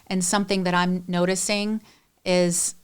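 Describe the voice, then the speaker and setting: A woman's voice: lowish voice, little pitch movement, measured pace, smooth. A middle-aged woman speaking candidly and emotionally as a podcast guest, rambling through personal stories.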